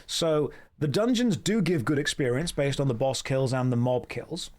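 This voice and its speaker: A man's voice: mid-range voice, moderate pace, darkish tone. A British man live-streaming a game, chatting casually and joking as he reads out and riffs on viewer messages.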